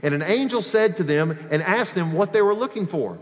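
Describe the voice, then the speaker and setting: A male pastor preaching an emphatic sermon, his voice leaping up high and loud when he quotes scripture. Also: fairly quick. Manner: emphatic, rising to a high excited pitch when quoting. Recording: long reverb of a large hall.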